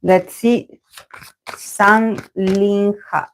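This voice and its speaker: Speaking extremely slowly and flatly at a medium pitch, a native Spanish-speaking woman reads tarot on a live stream. Her casual talk rambles, with many fillers, restarts and self-corrections. There is slight background noise, and the audio is poor.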